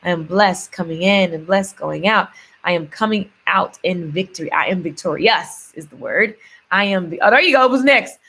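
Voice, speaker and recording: A woman's voice: fairly low pitch, moderate pace, a bit bright, husky. An upbeat, chatty woman speaking straight to her viewers in a casual vlog. She runs through affirmations and everyday stories, and often says a word several times over for emphasis. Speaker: vlogger.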